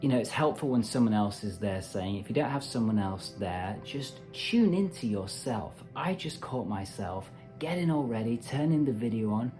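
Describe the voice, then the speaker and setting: A man's voice: medium pitch, lively intonation, normal speed, few pauses, mellow, faint music behind. A man hosting a meditation channel, talking casually and animatedly to camera with playful asides. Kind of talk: casual self-help talk to camera.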